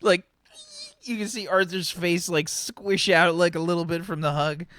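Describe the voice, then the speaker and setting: A woman's voice: fairly low pitch, normal speed, fairly bright tone. A woman narrating a tabletop game as game master, chatty with many fillers.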